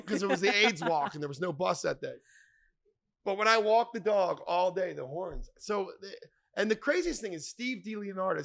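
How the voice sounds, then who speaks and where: A middle-aged man hosts a podcast from a bar, rambling through profane, joking stories. His voice is gravelly and sits a little high for a man. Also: fairly bright tone. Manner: rambling, profane, jokey name-dropping. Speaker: podcast host. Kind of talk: casual storytelling chat.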